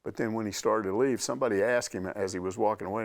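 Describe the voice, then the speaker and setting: An older man telling a long sports story in a relaxed, chatty way. His pitch swings widely as he acts out what others said, and the delivery stays lively throughout. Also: fast, creaky. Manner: animated storyteller, acts out quotes. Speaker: sports reporter answering questions. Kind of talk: casual storytelling chat.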